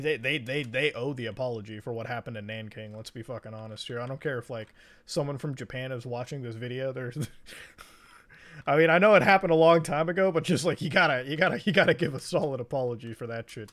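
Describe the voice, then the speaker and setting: A man's voice: mid-range voice, fairly quick, fairly bright tone. A man from Canada streaming a game, chatting casually in a rambling, profane way and laughing often. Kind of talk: casual chat while gaming.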